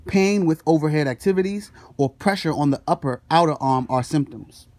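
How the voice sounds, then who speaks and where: A man's voice: a little high, moderate pace, darkish tone, close to an everyday voice. A young man playing a boastful shoulder-doctor dad. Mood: lecturing. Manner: lecturing, with casual slangy asides. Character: boastful middle-aged father who is a shoulder doctor. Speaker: student performer in a school skit. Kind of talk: comedic skit with a medical lecture.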